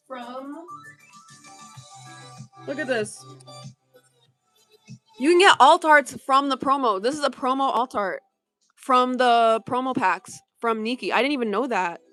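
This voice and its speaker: Woman host, casual stream banter, high voice, unhurried delivery. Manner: chatty, reads chat aloud, yawning, excitable gasps. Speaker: livestream card-breaking host. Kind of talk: casual livestream chat.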